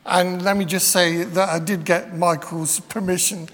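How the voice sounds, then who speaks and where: A man's voice: high voice, moderate pace, few pauses, a bit bright. A man preaching a rambling, self-deprecating, conversational sermon with many fillers. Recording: long hall reverb.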